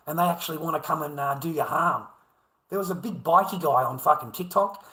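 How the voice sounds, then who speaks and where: A middle-aged man with an Australian accent talks straight to his viewers in a loose, rambling livestream monologue. His voice sits a little high and comes across bright and forceful, and he keeps calling his audience mate between profanities. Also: rough recording.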